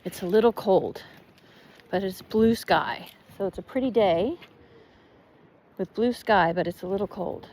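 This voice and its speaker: A woman chatting casually while walking her dog outdoors, rambling and switching into halting German. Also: mid-range voice, a little mellow, a little hiss or hum. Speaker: vlogger. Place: outdoors in a neighborhood.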